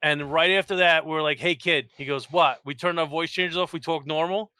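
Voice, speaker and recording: A man's voice: a little high, steady tone, fairly quick, bright, forceful tone, smooth, dry recording. A man hosting a casual podcast panel, telling stories animatedly and full of quoted dialogue. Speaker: podcast panel host and streamer.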